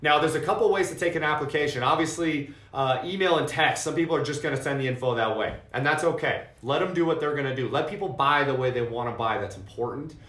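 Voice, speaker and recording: A man's voice: medium pitch, quick pace, hardly any pauses, fairly bright tone. A man coaching insurance agents in an emphatic way, repeating his key points and calling his listeners "guys". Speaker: insurance sales trainer. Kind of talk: coaching talk to sales agents. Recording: echoey room.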